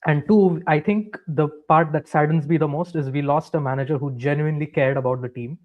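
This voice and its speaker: A man calls in to a football show and talks things through slowly and thoughtfully, stopping now and then on an "um". His voice sits a touch high and reaches the show over a dull, lo-fi line. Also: steady tone. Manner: measured and reflective, hesitant fillers. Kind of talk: casual discussion. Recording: dull lo-fi call audio.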